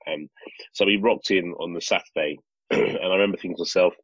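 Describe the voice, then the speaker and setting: A man with a very deep, husky voice tells a story in casual podcast chat. He rambles and restarts often, and his delivery stays animated. The recording is dry and a little dull, like a lo-fi mic. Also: brisk, no room sound. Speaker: podcast co-host, father.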